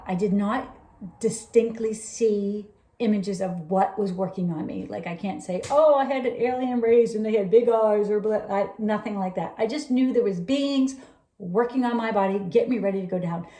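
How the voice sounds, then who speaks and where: A woman talks through a personal story in loose, rambling chat, laughing now and then and acting out the lines of the people in it. Her voice is mellow and soft, and it rings a little in a roomy space. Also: mid-range voice. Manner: animated, rambling, laughs often, acts out quoted dialogue. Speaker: vlogger recounting a personal experience. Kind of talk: casual storytelling monologue. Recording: roomy echo.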